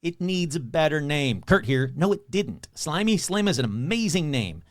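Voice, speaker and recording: A man's voice: on the high side, very animated, normal speed, no echo, clean studio sound. A man hosting a podcast who talks in a sarcastic, rambling, self-mocking way. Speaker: podcast host. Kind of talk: casual comedic chat.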